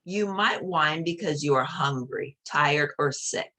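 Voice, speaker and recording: A woman reading a children's picture book aloud, gently explaining each page to young listeners. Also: low-pitched, slow pace.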